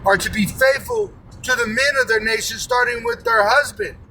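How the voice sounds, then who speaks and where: A man preaching an angry, profane fire-and-brimstone sermon, often breaking into shouts, recorded from a distance. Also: very high voice, wildly swooping pitch, normal speed, creaky. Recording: distant mic with faint background noise.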